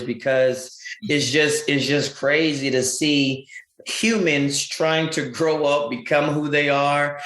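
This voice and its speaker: A man who is a stand-up comedian and teacher, a podcast guest telling relaxed, anecdotal stories in casual chat. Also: medium pitch. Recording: echoey room.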